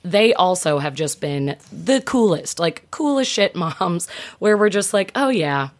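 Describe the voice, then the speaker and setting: A woman in her thirties with a fairly low voice, chatting as a podcast guest about being a mother. She speaks warmly and expressively, laughing often. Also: expressive, unhurried. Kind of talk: casual chat.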